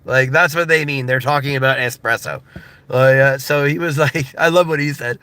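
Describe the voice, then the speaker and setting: Casting: American man, thirties, loose laughing livestream chatter, bright ringing voice. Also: mid-range voice, steady tone, moderate pace, clear, resonant tone. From United States. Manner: loose and laughing, filler-heavy, mimics voices for comedy. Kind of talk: casual rambling chat. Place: in a car.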